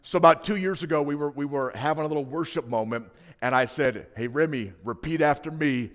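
A man's voice: mid-range voice, moderate pace. A man in his thirties preaches a sermon, speaking in a mid-range voice. He tells stories casually and turns to the congregation with asides. The sound carries the long reverb of a church sanctuary. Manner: conversational storytelling with asides to the congregation. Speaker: pastor.

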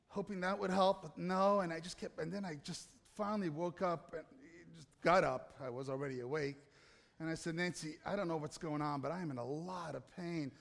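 A man preaching to an audience, telling a self-mocking personal story in an animated way with asides to the crowd. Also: a little high, creaky. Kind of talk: storytelling sermon. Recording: hall reverb.

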